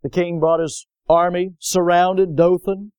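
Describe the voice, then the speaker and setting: Man, preacher, high voice, dry close sound, emphatic call-and-response delivery. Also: flat delivery, measured pace, darkish tone, clear, resonant tone, no room sound. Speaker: pastor. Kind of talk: sermon.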